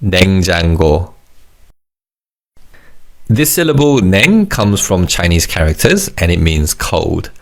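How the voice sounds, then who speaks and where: A man teaching a recorded language lesson, encouraging and modeling words slowly for learners to repeat. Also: sits low, big pitch swings, gravelly.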